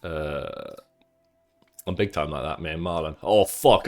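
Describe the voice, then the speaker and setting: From his home setup, a young man with a low, deep, darkish voice chats casually and slowly with his livestream viewers. He rambles between tasks, swears freely and teases the chat in an offhand way.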